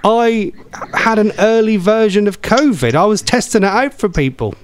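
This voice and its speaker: A man's voice: sits high, expressive, moderate pace, a little hiss or hum. A man hosting a radio phone-in, chatting casually and rambling with lots of ums. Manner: chatty, rambling, says um often. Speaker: radio show host.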